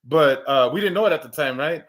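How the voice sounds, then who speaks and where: In a relaxed chat, this thirty-something podcast co-host spins a lengthy personal story full of restarts, repeated words, and occasional swearing. He speaks briskly and expressively in a high-leaning, slightly bright voice, raising it when acting out quotes.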